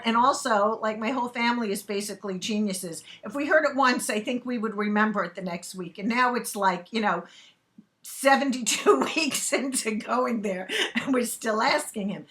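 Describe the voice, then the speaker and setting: A woman's voice: fairly high pitch, moderate pace, fairly bright tone. A woman from Brooklyn chatting to camera as a vlogger, telling a funny anecdote with frequent laughs mid-sentence. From Brooklyn, New York. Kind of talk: casual storytelling to camera.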